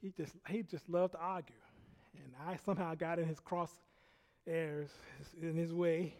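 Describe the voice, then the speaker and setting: A man preaching a sermon, telling a personal story in an animated way, laughing often and dropping from loud bursts to hushed quiet. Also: a little high, unhurried. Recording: long hall reverb.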